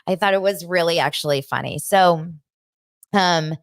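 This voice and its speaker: A woman in her thirties hosts a chatty gossip podcast, recapping reality shows in an animated, conversational way. Her voice sits on the lower side and springs higher when she acts out what others said. The sound is dry and close, with no room around it. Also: normal speed, smooth, no room sound. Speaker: podcast host.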